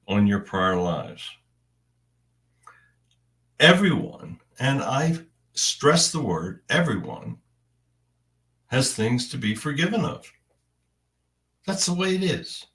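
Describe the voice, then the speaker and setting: A man delivering a spiritual message in the first person, in deliberate, halting phrases with long pauses. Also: medium pitch, fairly bright tone, far from the mic.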